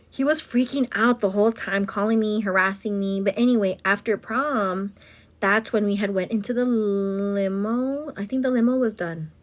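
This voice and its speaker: Rambling through a long story during a relaxed get-ready-with-me video, this female vlogger and host uses a mid-range voice. She repeatedly addresses the listener as "girl" and throws in an occasional Spanish phrase.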